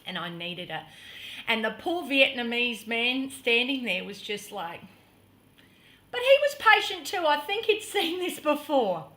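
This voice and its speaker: A middle-aged woman vlogger telling a personal story in an earnest, dramatic way, sometimes dropping to a hush. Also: fairly high pitch, sing-song, a little slow. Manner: earnest, dramatic storytelling that drops to hushed tones.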